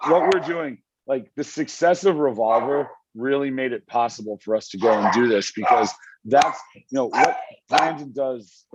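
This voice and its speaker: A man's voice: mid-range voice, highs cut off, heavy background noise. A man as an interview guest, talking casually from home and rambling enthusiastically with frequent restarts. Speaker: magazine editor guest. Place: home with dog and wife nearby.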